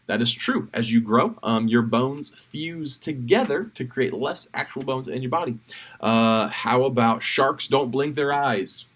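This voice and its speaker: A man leading children's ministry, briefing volunteers in a relaxed, chatty, self-deprecating way. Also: mid-range voice, measured pace. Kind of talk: casual volunteer training briefing.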